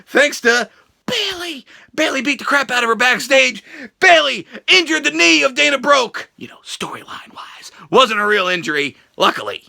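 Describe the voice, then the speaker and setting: A young man with a very high, bright and gravelly voice hosts a ranting review show. He mocks and swears freely, his pitch swinging widely as he shouts now and then. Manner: crude, sarcastic, mocking, shouts. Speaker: show host reviewing wrestling.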